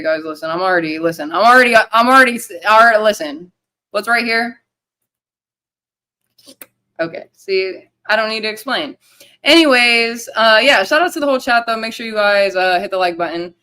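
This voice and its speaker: A young woman hosting a casual livestream, rambling loosely, swearing and giving shout-outs to the chat. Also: mid-range voice. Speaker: livestream host.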